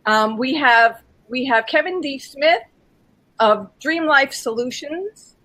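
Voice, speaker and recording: Bright, high-voiced female moderator. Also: lively intonation, takes it slowly. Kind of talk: hosting a live online session.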